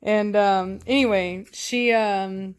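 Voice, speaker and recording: A woman's voice: mid-range voice, fairly even intonation, slow, smooth. A woman, a dog breeder rambling through a casual story at home. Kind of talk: casual vlog chat. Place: home indoors with puppies.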